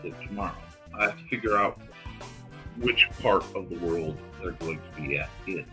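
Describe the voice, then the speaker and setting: A man hosting a casual livestream, chatting to his audience and softly talking to his cat while he draws. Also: low-pitched, moderate pace, soft background music. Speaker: host.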